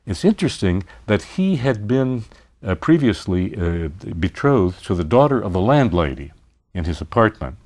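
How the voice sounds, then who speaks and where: A man's voice: fairly low pitch, big pitch swings, moderate pace, a little mellow. A man giving a university literature lecture, speaking expressively and posing rhetorical questions.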